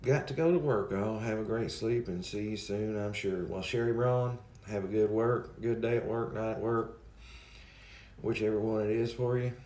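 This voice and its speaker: A man chats loosely with his livestream audience, wandering from point to point and greeting people by name. His voice sits a little low. The sound is roomy and echoey. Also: steady tone, moderate pace, darkish tone. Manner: rambling, addresses chat by name. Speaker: livestream host. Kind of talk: casual chat with viewers.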